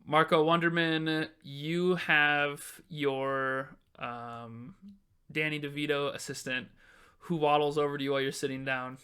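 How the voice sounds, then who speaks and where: A man narrating a tabletop game as game master, animated and laughing often. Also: fairly high pitch, smooth.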